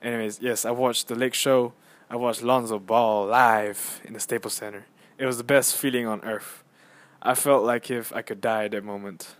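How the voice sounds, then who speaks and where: Young man, solo podcast host, phone mic, medium pitch, excitable, rambling, filler-heavy. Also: normal speed, few pauses. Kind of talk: casual solo podcast storytelling.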